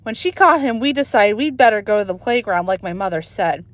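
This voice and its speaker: A woman's voice: medium pitch, a little fast, dry recording. A woman reading a children's book aloud expressively, recorded on a phone. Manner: expressive storytelling. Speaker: reader.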